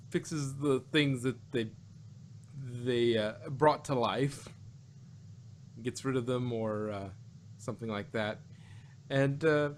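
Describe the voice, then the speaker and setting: A man co-hosts a casual review chat, rambling and restarting as he works through his thoughts. His voice sits in a middle pitch. He talks slowly. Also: slight background noise. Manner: rambling, halting, many restarts. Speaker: podcast co-host.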